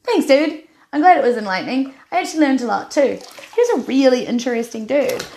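A woman's voice: high-pitched, very animated, fairly quick, darkish tone. A woman hosting a podcast, chatty and upbeat, saying "like" often. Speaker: podcast host. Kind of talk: casual chat. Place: bath.

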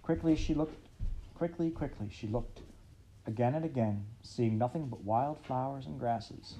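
A man reading a storybook aloud in an expressive, dramatic way. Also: medium pitch, a little slow, a little hiss or hum, rough recording. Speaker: reader.

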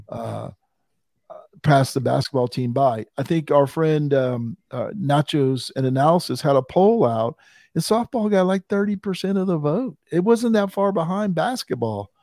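Man, sports talk host, mellow tone, fairly high pitch, chatty, laughs easily. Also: no echo, studio quality. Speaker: podcast host.

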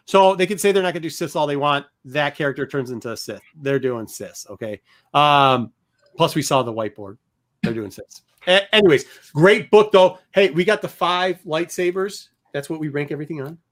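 A man's voice: on the high side, expressive, normal speed, a bit bright. A man hosting a podcast, talking animatedly about a book and pressing his points with emphasis. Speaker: podcast host. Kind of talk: casual book review chat.

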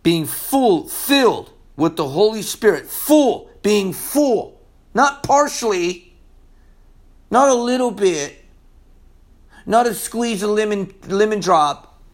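A man preaching a sermon in a casual, slangy way, swinging from loud emphasis to hushed asides. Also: high voice, expressive, slow pace.

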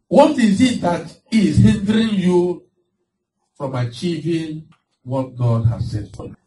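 A man preaching a lively sermon as pastor, laughing often and acting out voices of the people he describes. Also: high-pitched. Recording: distant mic with faint background noise.

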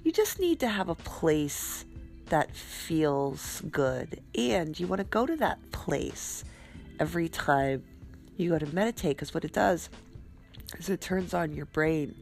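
A woman with a stuffed-up, congested voice talks about spiritual self-care in a relaxed, chatty way. Her voice sits low and she speaks slowly, unhurried. Faint music plays behind her. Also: gravelly. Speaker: podcast host. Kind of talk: casual spiritual self-help talk.

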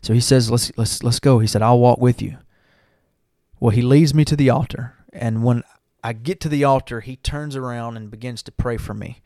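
A man's voice: medium pitch, steady tone, moderate pace, warm tone, no echo, clean studio sound. A young man, earnestly telling his church testimony and talking to listeners as y'all. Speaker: church member giving testimony. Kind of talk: personal testimony.

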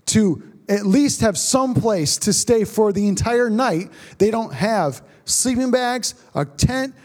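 A pastor with a high voice tells a story from the pulpit. He builds the drama and sinks to hushed tones at the tense moments. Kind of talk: sermon storytelling.

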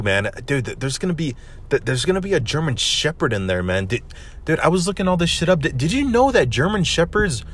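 A young man hosting a casual solo podcast, rambling excitedly with lots of swearing and restarts. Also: mid-range voice. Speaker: podcast host.

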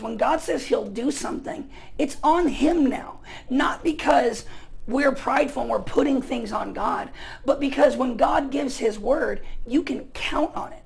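American male preacher, gravelly edge, chatty and full of fillers, punches key lines loudly. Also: extremely high pitch, low-quality recording. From United States. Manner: casual and chatty, many fillers, bursts of loud emphasis. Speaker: pastor. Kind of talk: storytelling sermon.

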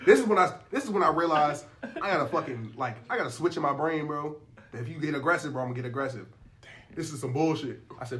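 A man's voice: a little high, fast, fairly bright tone, slight background noise. A young man in casual chat, animatedly telling a profane work story and acting out both sides of the dialogue.

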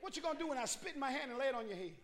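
A man preaching a sermon, swinging between hollering and hushed pleading and calling on the congregation to answer back. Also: very high-pitched, animated, racing, heavy background noise. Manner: call-and-response with the congregation.

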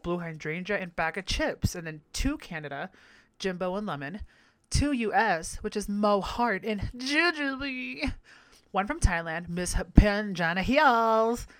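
A man's voice: sits high, fairly bright tone. A brash man hosts a casual podcast recap in a dry, close-sounding room with no reverb. He swears freely, laughs at his own jokes, and drags out names for theatrical effect. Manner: theatrical, drawn-out emphasis on show names. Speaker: podcast host.

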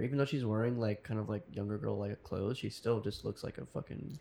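A co-host of a casual movie review podcast, lively and filler-heavy, with many likes between words. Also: mid-range voice, brisk, gravelly.

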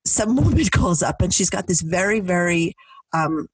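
A woman's voice: on the low side, normal speed, slightly rough, dry recording. A middle-aged woman co-hosting a podcast, telling stories in casual chat and acting out what people said. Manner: animated storyteller, acting out quotes. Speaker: podcast co-host. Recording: dry, mic a bit distant.

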